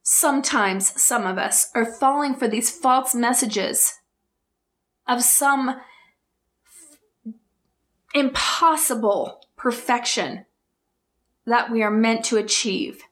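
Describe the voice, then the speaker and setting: A woman with a fairly high voice hosts her own podcast, speaking earnestly and with open emotion. She talks in slow, emphatic bursts and asks her listeners one rhetorical question after another. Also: fairly bright tone. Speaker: podcast host. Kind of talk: heartfelt solo podcast talk.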